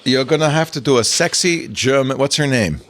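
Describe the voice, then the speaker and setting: A man hosting a podcast in casual chat, playful and quick to joke. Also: mid-range voice, a bit bright, no room sound. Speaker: podcast host.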